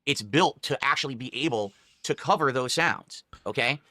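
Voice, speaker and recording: A man's voice: mid-range voice, normal speed, pushed and bright, dry recording, clean studio sound. A man explaining his new microphone to viewers in a defensive, rambling way. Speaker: content creator reviewing a microphone. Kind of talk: product talk to viewers.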